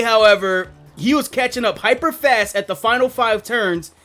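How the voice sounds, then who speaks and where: A man's voice: high voice, a bit bright. A young man streaming a game, rambling casually with loose fillers and casual swearing. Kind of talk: casual gameplay commentary.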